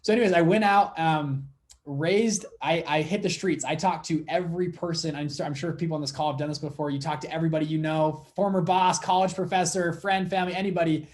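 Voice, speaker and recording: A man's voice: fairly high pitch, steady tone, fairly quick, a little mellow. A young man, a fund manager guest, telling a story in a casual interview and acting out the dialogue as he goes.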